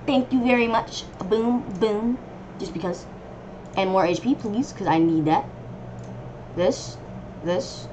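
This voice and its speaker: A woman giving casual, rambling commentary on her gameplay, reacting excitably and yelping when enemies swarm her. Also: medium pitch, noisy background. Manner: excitable, yelps and shrieks at enemies; rambling running reactions to the game. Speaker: gamer.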